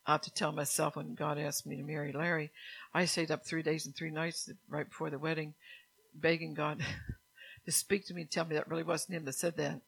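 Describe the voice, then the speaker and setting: A woman's voice: low-pitched, little pitch movement, fairly quick, gravelly, fairly bright tone, breathy edge, low-quality recording. A middle-aged woman preaching a sermon in church, chatty, asking the congregation questions and laughing often.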